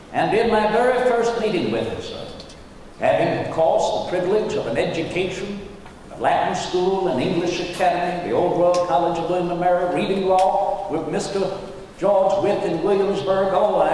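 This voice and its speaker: A man's voice: sits high, a little mellow, a little hiss or hum. A man interpreting a historical statesman on stage, speaking in a genteel, ornate period style, recorded in a large auditorium. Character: Thomas Jefferson, courtly learned statesman. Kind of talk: first-person historical portrayal. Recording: echoey hall from far off.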